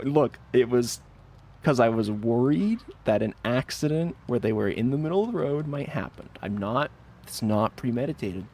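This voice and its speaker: Laughing, self-mocking man streaming a game. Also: medium pitch. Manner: mock-defensive banter with chat. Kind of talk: casual live game-stream commentary.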